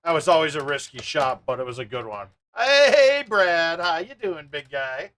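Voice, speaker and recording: A man hosting a live stream, chatting casually with viewers and thinking out loud as he plays a golf game. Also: fairly high pitch, moderate pace.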